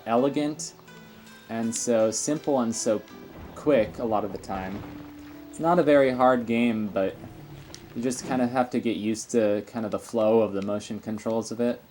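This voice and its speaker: Brief: man, mid-pitch, casual rambling gameplay commentary, faint game music underneath. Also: a little mellow. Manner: rambling, chatty, frequent fillers. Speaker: let's play commentator.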